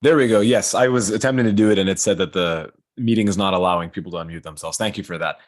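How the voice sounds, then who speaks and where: Deep-voiced man explaining, hesitant. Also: fast. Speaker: participant giving an example. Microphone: video call.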